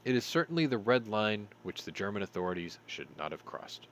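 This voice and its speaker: Man, low voice, swings up and down a lot, reads headlines, dry sarcastic remarks, sounds tired, faint hiss. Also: very animated, fairly quick, fairly bright tone. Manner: sarcastic asides between read headlines. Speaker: show host. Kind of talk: reading news stories with commentary.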